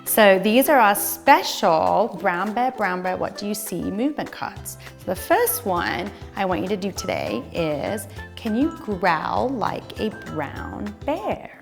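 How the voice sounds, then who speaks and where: A woman teaching young children at a virtual circle time, speaking slowly in a sing-song, encouraging way. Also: mid-range voice, big pitch swings, gravelly, faint music behind. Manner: sing-song, slow and encouraging, talks to little kids. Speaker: preschool teacher.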